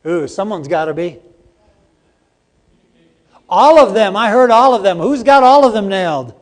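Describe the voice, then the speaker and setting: A man's voice: high voice, lively intonation, a little slow. Man, middle-aged, seminar presenter, joking with the crowd, reverberant hall. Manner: jokey, interactive with the audience. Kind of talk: live training seminar.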